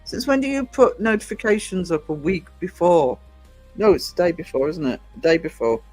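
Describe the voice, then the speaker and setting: A man's voice: high-pitched, animated, moderate pace, a little mellow, dry recording, faint music behind. A man hosting a casual livestream, rambling through viewer comments with lots of ums and restarts. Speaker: livestream host and small publisher.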